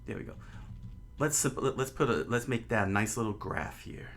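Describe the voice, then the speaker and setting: A man with a fairly low voice talks a viewer through a grammar point in a loose, rambling stream style. He fills gaps with uh and um, breaks off and restarts his sentences, and keeps drawing as he explains. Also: moderate pace, a bit bright, a little hiss or hum. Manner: rambling, many fillers and restarts, drawing on a board while talking. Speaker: streamer teaching Japanese. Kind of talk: casual explaining on a livestream.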